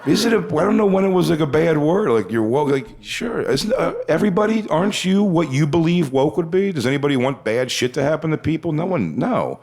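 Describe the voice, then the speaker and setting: A man's voice: fairly high pitch, expressive, a little fast, few pauses, darkish tone. A man telling a crude story as a stand-up comedian, chatty and acting out what people said. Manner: crude, conversational, acts out quotes.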